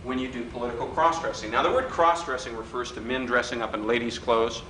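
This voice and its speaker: A middle-aged man giving a live workshop lecture in a hotel function room, an animated, wisecracking storyteller who mimics the people in his stories. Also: medium pitch, fast. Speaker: workshop speaker. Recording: roomy hall recording with faint background noise.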